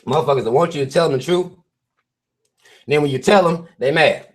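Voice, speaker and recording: A man with a fairly high speaking voice hosts a live stream, reading memes aloud and picking them apart. He rants bluntly and swears constantly in loose, offhand commentary. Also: brisk. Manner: blunt, heavily profane ranting; reads memes and articles aloud to viewers.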